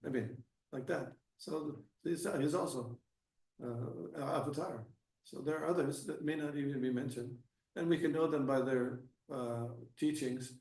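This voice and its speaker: A man giving a scripture class and answering questions, halting with frequent restarts, then growing emphatic. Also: a little high, creaky, a little mellow. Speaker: class speaker. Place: temple hall. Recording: echoey room, mic at a distance.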